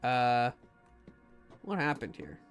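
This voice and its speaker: Over soft background music, a young livestreamer playing a horror game talks slowly to his chat in a very animated, mid-range voice. His gameplay commentary is casual and jokey, full of rambling, restarts and asides.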